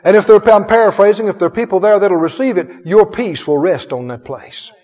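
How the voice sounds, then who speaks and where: This pastor's high, slightly mellow voice moves a little fast as he preaches, trading emphatic call-and-response with the congregation and chuckling often. The sermon was recorded in a reverberant hall and sounds dull.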